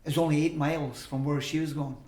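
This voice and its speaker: A man's voice: fairly high pitch, steady tone, fairly quick, darkish tone, roomy sound. Older man rambling through a story. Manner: rambling anecdotes, acting out quoted voices. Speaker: interview guest. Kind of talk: storytelling in casual conversation.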